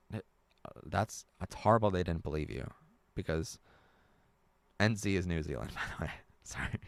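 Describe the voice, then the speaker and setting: A man's voice: sits low, fairly bright tone, smooth, no echo. A young adult man from the United States, hosting a casual live stream and chatting with viewers in a rambling way, laughing often. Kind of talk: casual live chat reading viewer comments.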